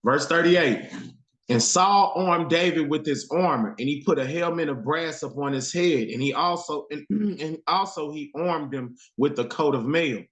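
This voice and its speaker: A man's voice: fairly high pitch, moderate pace, a bit bright. A man teaching a Bible class who reads archaic verses aloud and then retells them in street slang. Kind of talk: scripture reading with commentary. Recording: roomy echo.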